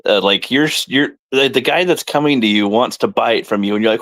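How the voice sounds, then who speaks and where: A man's voice: medium pitch, fairly quick, fairly bright tone, dry recording. A man co-hosting a casual comic review chat, rambling and laughing often. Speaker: podcast co-host.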